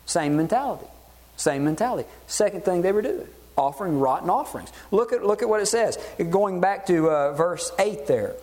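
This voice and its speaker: A man preaching a sermon, animated and acting out voices in the dialogue he quotes. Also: high-pitched, fairly quick, in a large hall. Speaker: pastor.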